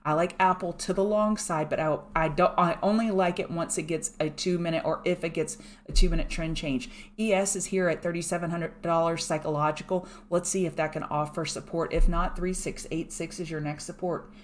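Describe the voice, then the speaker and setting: A woman giving fast, chatty live chart commentary from home and thanking viewers by name. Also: on the low side, fairly even intonation. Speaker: market analyst host. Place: home room.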